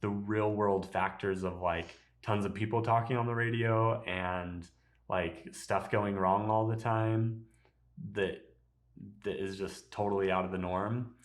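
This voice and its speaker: A man, an airline pilot hosting a podcast, telling stories in a relaxed, casual way with easy laughs. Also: on the low side, measured pace. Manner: relaxed, laughs easily, filler-heavy. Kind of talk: casual conversational storytelling.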